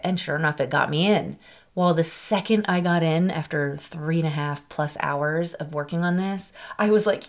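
A woman hosts a podcast, speaking candidly and from the heart in a personal monologue that rambles conversationally. Her voice sits on the low side, and her pace is moderate.

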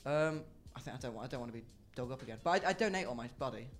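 A man's voice: mid-range voice, lively intonation, racing, faint music behind. A young man co-hosting a casual podcast, chatting and laughing with friends. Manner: chatty, laughs often, reads out listener questions. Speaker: podcast co-host. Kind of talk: casual chat among friends.

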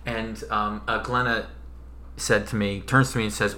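A man's voice: on the low side, fairly even intonation, normal speed, sharp tone. A man from New Jersey with a New Jersey accent, co-hosting a podcast in a playful, teasing casual chat. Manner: playful, teasing, lots of laughs. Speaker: podcast co-host.

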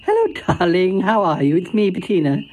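A man's voice: high voice, wildly swooping pitch, a little fast, voice pushed up, exaggerated voice. A man voicing a fussy, affectionate older woman who gushes and calls everyone darling. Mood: gushing.

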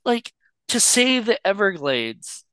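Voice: medium pitch, sing-song, slow, a bit bright, clean tone, no echo. Podcast co-host, casual movie chat, rambling, restarts a lot, dry close sound. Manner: rambling, many fillers and restarts.

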